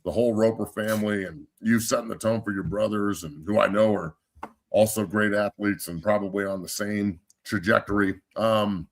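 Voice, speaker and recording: A middle-aged man with a low, gravelly voice, chatting casually as a podcast host. He tells stories bluntly and swears freely, then turns to heartfelt praise without losing his rough edge. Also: steady tone, moderate pace. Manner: blunt, profane storyteller. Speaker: podcast host and football coach. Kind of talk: casual chat.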